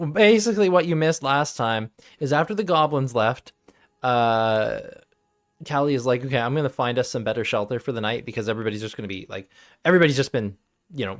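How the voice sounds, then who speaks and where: Rambling young man running a tabletop game. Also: medium pitch. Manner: rambling, laughing, lots of fillers. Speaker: game master. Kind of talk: recapping a tabletop game on stream.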